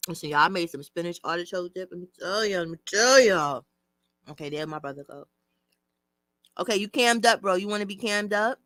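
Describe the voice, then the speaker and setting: A woman's voice: fairly low pitch, lively intonation, brisk, fairly bright tone, dry recording. A woman hosting a casual livestream chat, talking to her chat and laughing often. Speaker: livestream host.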